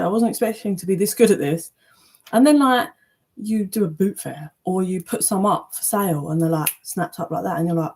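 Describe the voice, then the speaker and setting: A woman giving a casual, chatty tarot reading, animated, with loose language and playful asides. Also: lowish voice, brisk, breathy edge. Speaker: tarot reader.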